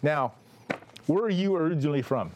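A young man hosts a comedy talk show. His voice sits fairly high and swoops up and down as he tells stories. He jokes in a playful, deadpan way. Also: fairly quick, background noise. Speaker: host.

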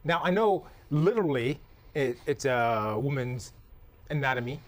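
Lively, playful male podcast host. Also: mid-range voice, a little slow. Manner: playful, teasing, rambling. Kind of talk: casual comedic chat.

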